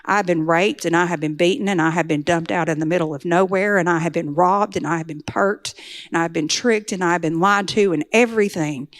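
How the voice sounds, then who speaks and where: A woman's voice: fairly low pitch, brisk. A middle-aged woman, telling her recovery story in an earnest testimony that builds to pleading intensity. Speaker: speaker sharing a recovery testimony. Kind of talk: personal testimony talk.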